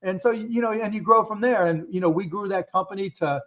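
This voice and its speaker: A man's voice: sits high, brisk. A man in his fifties, a business guest in an interview, telling stories from his early career in a blunt, candid way and swearing freely. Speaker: guest entrepreneur. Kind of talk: casual interview storytelling. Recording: dull lo-fi sound.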